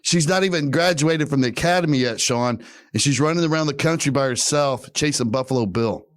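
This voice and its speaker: A man's voice: on the high side, fairly quick, no echo, clean studio sound. A man co-hosting a comedy podcast, talking in a wry, laid-back way with casual swearing.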